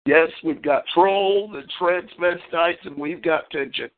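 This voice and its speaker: A man hosting a solo call-in show, brash and boastful, swearing freely as he rambles. His voice sits a bit high for a man. The sound is thin and narrow, like a phone line. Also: measured pace. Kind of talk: solo call-in radio monologue.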